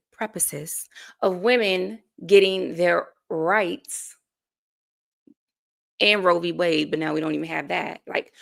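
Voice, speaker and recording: A lowish, gravelly voice comes from a woman in her forties from the U.S., a life coach guesting on a casual interview. Earnest and full of anecdotes, she tends to laugh between her thoughts.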